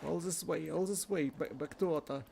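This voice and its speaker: A man streaming a game, thinking aloud and shouting calls to the characters. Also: a little high, a little fast, gravelly, background noise. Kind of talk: game let's-play commentary.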